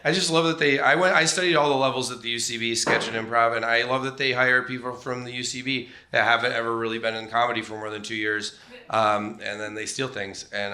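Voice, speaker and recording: A man's voice: mid-range voice, pushed and bright. A middle-aged man, a comedian guest, telling rambling, self-deprecating stories on a comedy club stage and putting on voices for quotes. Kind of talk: on-stage comedic storytelling interview.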